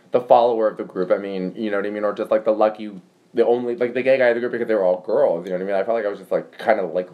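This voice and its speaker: A man's voice: medium pitch, narrow, tinny audio. A young man hosting a casual livestream, chatty and rambling with lots of filler words. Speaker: livestream host. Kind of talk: casual chat.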